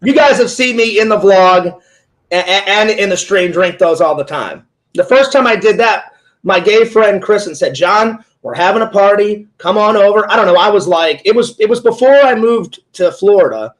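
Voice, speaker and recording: A man's voice: sits high, expressive, normal speed, rough recording. A man in his forties, an interviewer and streamer, telling a long casual story full of quoted back-and-forth. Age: 40s. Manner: rambling retelling full of "he goes" quotes.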